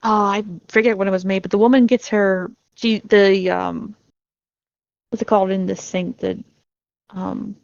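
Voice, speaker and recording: A woman's voice: mid-range voice, steady tone, unhurried, gravelly, darkish tone, dry recording, lo-fi sound. A woman chatting casually as a podcast guest, rambling and laughing while she tells stories. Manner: rambling, giggly, acts out her own reactions. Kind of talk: casual chat.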